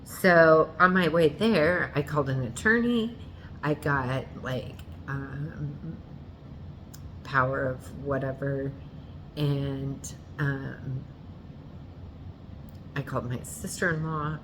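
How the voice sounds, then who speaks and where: A woman telling a painful personal story in an earnest, halting way, often restarting and correcting herself. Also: a bass voice, background noise.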